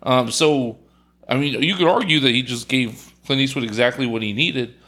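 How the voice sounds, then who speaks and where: A man co-hosting a podcast, giving blunt, animated opinions on a film in casual chat. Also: mid-range voice, moderate pace. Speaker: podcast co-host reviewing a film.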